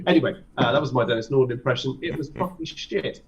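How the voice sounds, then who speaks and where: A podcast host wraps up his casual show, talking fast in a mid-range voice and swearing freely. The mic sounds distant and dull.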